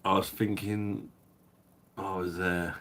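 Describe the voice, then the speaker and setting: A man hosts a live beer-review stream, chatting casually, rambling, and swearing as he reads viewers' messages aloud. His voice sits low and a bit bright, with a flat, slow delivery.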